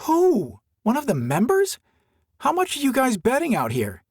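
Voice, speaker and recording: A chirpy young cart girl, put on by a male audiobook narrator in a raised, lively voice. She talks in a bubbly, fussing way, quick to offer help, in a dry close recording. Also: very high-pitched, breathy edge, no room sound, pitched above the performer's own voice, heavily acted. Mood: chirpy, concerned. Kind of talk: audiobook character voice.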